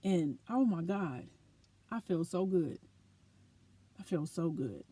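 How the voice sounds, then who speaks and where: In her personal vlog, a woman with a school-age daughter speaks earnestly and animatedly to the camera, reflecting on her life. Her voice sits on the low side, with a darkish, husky tone and no echo.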